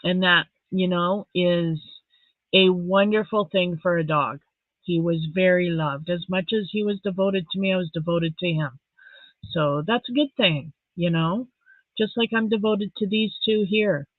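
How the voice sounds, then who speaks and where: She's a middle-aged streamer from Saskatchewan, Canada, warmly chatting with her audience and reading their comments, soft-hearted and easily moved. Her voice is on the low side with a measured pace. The recording has a thin, phone-like quality in a dry, close room with no echo.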